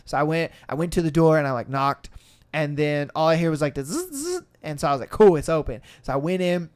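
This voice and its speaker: Man, podcast host, casual storytelling, higher-pitched voice, animated, acts out quotes, swears a lot. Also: fast, clear, resonant tone.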